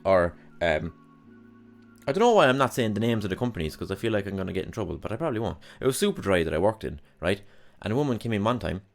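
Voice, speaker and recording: Young male podcast host, deep voice, rambling and profane, exasperated storyteller. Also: very animated, fast talker, creaky, faint music behind. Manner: exasperated ranting about past jobs. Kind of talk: casual solo monologue.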